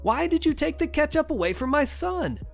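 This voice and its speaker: Shrieking entitled mom in a story reading, put on by a man; high, loud, gravelly edge. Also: very animated, normal speed, soft background music, full character voice. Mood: indignant. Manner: shrieking, indignant, demanding. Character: shrill entitled angry mother, middle-aged woman.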